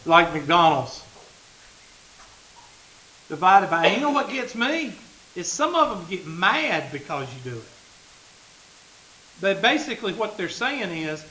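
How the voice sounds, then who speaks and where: A man's voice: high-pitched, very animated, a little slow, long pauses, bright, forceful tone, slight background noise, poor audio. A man, a math teacher talking casually and joking with his class in a classroom. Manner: joking, folksy, talks straight to the class.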